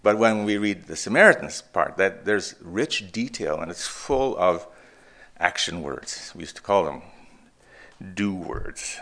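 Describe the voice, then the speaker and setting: A man preaching a sermon, reflective and emphatic, with pauses and restarts. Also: deep voice, big pitch swings, fairly bright tone. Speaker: pastor.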